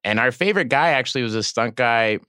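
A man guest on a podcast telling animated stories about filming, acting out the people he quotes. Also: mid-range voice, fast, clean tone, no echo, studio quality. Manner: animated, acts out quoted voices. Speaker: guest actor and director. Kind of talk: casual storytelling chat.

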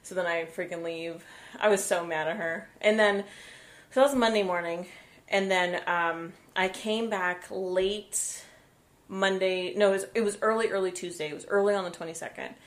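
A young woman co-hosting a podcast, telling an animated story in casual chat and swearing freely. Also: mid-range voice, normal speed. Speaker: podcast co-host.

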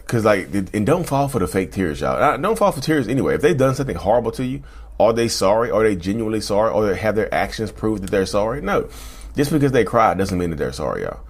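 A man hosting his own channel, talking casually to viewers, repeating himself and calling them y'all. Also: on the low side. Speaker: channel host. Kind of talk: casual talk to camera.

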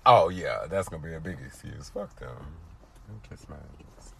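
A man's voice: rumbling low, animated, gravelly, a bit bright, a little hiss or hum. A man from Tennessee co-hosting a podcast, bantering casually with a dramatic, profane, laughing manner. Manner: dramatic, cursing, quick to laugh. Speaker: podcast co-host.

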